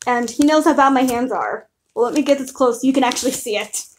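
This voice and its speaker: A woman's voice: on the high side, fast. A young woman on a casual live stream, talking through her old drawings in a giggly, self-mocking ramble.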